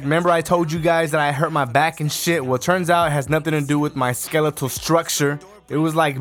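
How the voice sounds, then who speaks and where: A man's voice: a little high, a bit bright. Profane ranting podcast man. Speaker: podcast host. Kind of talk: casual solo podcast rant.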